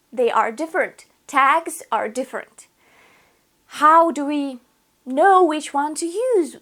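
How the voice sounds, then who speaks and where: High-voiced woman teaching grammar. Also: fairly bright tone. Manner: patient, step-by-step explaining. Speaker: language teacher. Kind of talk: online grammar lesson.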